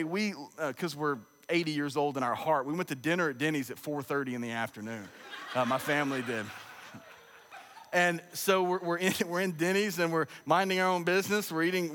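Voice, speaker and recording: A man's voice: on the high side, fairly bright tone. A man in his thirties preaching a sermon as pastor, mixing scripture with funny family stories in a conversational way. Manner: conversational, humorous storytelling preacher. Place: church sanctuary. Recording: long echo of a large church hall.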